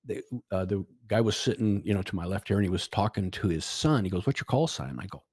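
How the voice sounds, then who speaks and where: A man's voice: fairly low pitch, fast talker, darkish tone, husky, no echo. A middle-aged man telling a personal story as a podcast guest, rambling with restarts and quoted dialogue. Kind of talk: casual storytelling.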